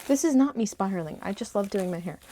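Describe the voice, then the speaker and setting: A woman's voice: medium pitch, lively intonation, quick pace, dark tone, a little hiss or hum. A young American woman with a put-on Southern lilt, chatting playfully and sarcastically to camera at home in a vlog. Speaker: vlogger. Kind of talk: casual on-camera vlog chat. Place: at home, dyeing her hair. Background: music playing underneath.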